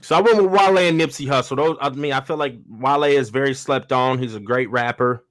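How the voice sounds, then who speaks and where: A man's voice: medium pitch, fairly quick, fairly bright tone, dry recording. A laid-back male sports podcast co-host who talks in easy slang and repeats his words. His mid-range voice sounds dry and close to the mic. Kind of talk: casual chat.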